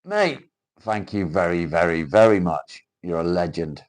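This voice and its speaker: A man's voice: sits low, expressive, unhurried. A man from Cheshire with an accent mixing northern English and South Welsh, chatting casually on a livestream, swearing freely and greeting viewers by name. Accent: mix of northern English and South Welsh. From Cheshire, England. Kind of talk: casual livestream chat reading out comments.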